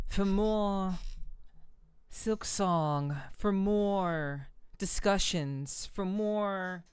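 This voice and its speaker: A woman's voice: low voice, clear, resonant tone, no echo. A young adult woman streaming a game, chatting casually with viewers in a joking, profane way and often repeating herself. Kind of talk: casual gameplay chat.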